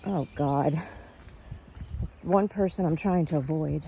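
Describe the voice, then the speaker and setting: A woman's voice: low-pitched, unhurried, gravelly, long pauses, dark tone, a little hiss or hum. A woman from Texas, telling a personal faith story earnestly, a little out of breath. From Texas, USA. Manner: earnest, quotes people in small voices.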